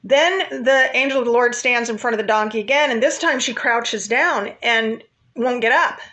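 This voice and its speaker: A woman's voice: on the high side, normal speed, a bit bright. Chatty woman retelling a Bible story. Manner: chatty, informal, with asides to viewers.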